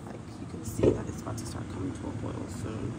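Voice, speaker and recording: A young woman, chatting casually in a home vlog and venting candidly about a rude caller. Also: quick pace. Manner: candid, slangy, venting with heated retelling. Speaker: vlogger working from home. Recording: home recording with clear background noise.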